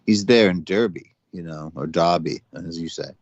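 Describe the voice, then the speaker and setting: Deep-voiced rambling man on a call. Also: moderate pace, darkish tone, dry recording, dull audio. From United States. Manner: rambling, many fillers and restarts. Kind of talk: casual chat.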